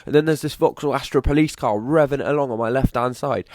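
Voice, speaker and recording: A man's voice: mid-range voice, fast talker. A young man giving a sarcastic, profane video game review, swearing often. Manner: sarcastic, swears often, shouts in disbelief at glitches.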